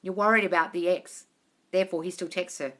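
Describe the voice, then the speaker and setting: Blunt, bright-voiced Australian woman. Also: fairly low pitch, steady tone, fairly quick. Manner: blunt, frank, swears freely, calls viewers darling. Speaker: manifestation coach. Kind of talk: casual live-stream Q&A, reading out comments. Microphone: phone on a live stream.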